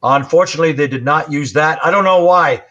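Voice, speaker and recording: A man telling a paranormal case story as a guest on a live stream, animated and colorful. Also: a little high, fast. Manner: animated storyteller, imitates growls. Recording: muffled lo-fi stream audio.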